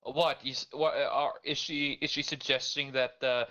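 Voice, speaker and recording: Bright, wry male co-host on a dull mic. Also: medium pitch, steady tone, normal speed. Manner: wry, teasing interjections. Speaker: podcast co-host. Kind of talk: casual political chat.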